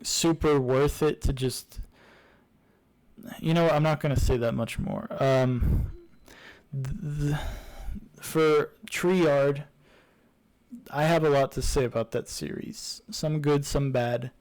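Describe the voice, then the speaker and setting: A man's voice: medium pitch, steady tone, takes it slowly, darkish tone, rough recording. A young man casually reviewing a game series, rambling with many fillers and restarts. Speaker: YouTuber reviewing games.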